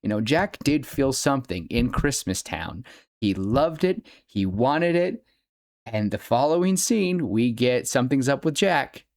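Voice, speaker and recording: Young male podcast host, average pitch, rambles warmly with laughs; dry, close recording. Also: dry recording. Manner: gushing, rambling fan talk with laughs. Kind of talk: casual solo podcast commentary.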